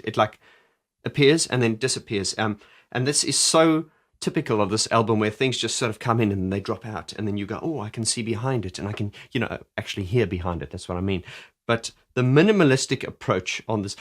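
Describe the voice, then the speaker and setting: A man's voice: fairly low pitch, a little fast. Rambling enthusiastic male music reviewer. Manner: enthusiastic, rambling with restarts, sings along. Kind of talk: casual album analysis.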